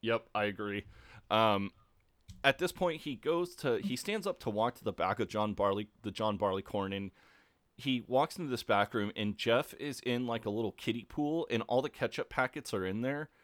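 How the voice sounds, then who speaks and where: A man's voice: lowish voice, moderate pace, fairly bright tone, no room sound. A man co-hosting a podcast, casually recapping a show with lots of ums and restarts. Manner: laid-back, many ums and restarts, laughs often. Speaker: podcast co-host.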